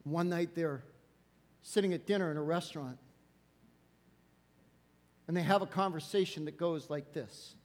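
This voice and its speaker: A man preaching a sermon, telling a story dramatically and dropping to hushed soft lows. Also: normal speed, long pauses, in a large hall.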